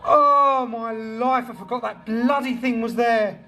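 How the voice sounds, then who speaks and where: A man's voice: very high-pitched, steady tone, a little slow, faint music behind. A man chatting casually on a ghost-hunting livestream, talkative and jumpy, swearing when startled outdoors.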